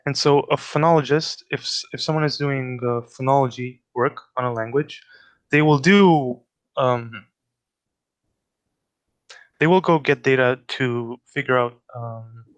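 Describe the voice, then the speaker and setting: A man's voice: medium pitch, unhurried. A man giving an informal spoken lecture on linguistics fieldwork, explaining step by step with examples and often restarting his sentences. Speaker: fieldwork workshop presenter.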